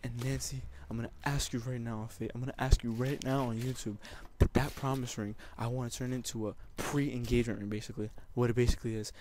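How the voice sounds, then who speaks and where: A man's voice: mid-range voice, level tone, quick pace, few pauses, darkish tone, a little hiss or hum. A young man making an emotional, teary proposal over a gaming commentary, rambling and repeating himself. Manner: rambling and repetitive, often saying basically. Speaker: YouTuber.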